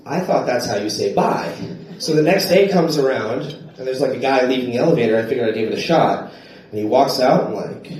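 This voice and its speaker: American guy doing stand-up, kinda high voice, roomy club sound from back of the room, yells his punchlines. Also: lively intonation, normal speed, a crowd in the background. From United States. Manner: storytelling with frequent "right?" tags, loud shouted punchlines. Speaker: stand-up comedian. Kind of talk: live stand-up set. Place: comedy club stage. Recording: echoey club from far off. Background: audience laughter.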